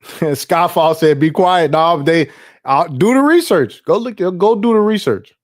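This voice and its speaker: A man's voice: on the high side, expressive, measured pace. A middle-aged man hosting a livestream, reading chat and telling stories in a loose, profane way, laughing often and repeating himself.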